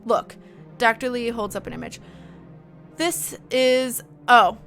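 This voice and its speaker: A woman's voice: fairly high pitch, takes it slowly, fairly bright tone, soft background music. A young woman streamer casually reading horror files aloud, stopping to chat and comment. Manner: chatty, breaks off to comment and laugh.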